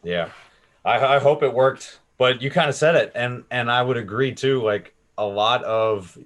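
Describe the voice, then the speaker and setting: A man who hosts a podcast on strength coaching, chatting casually with a guest and sharing quick, laughing anecdotes. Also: mid-range voice, fairly bright tone. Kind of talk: casual interview talk.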